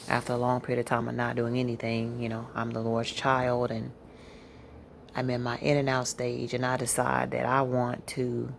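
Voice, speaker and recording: Woman, personal testimony, tired and yawning, halting with fillers, deep, gravelly. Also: slight background noise. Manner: rambling, halting, with many fillers. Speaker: Christian testimony speaker.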